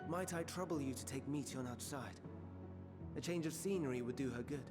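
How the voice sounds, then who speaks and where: Earnest, formal scholar voiced by a man, mid-pitched, under swelling game music. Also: fairly quick, close to an everyday voice. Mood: troubled. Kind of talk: video game voice acting. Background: game score music.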